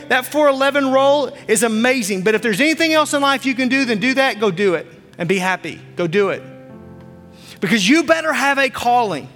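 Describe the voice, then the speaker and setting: Pastor, man in his 40s, very high bright voice, fervent repetitive preaching, reverberant church, faint music under. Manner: impassioned preaching, repeats phrases. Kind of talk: sermon. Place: church stage.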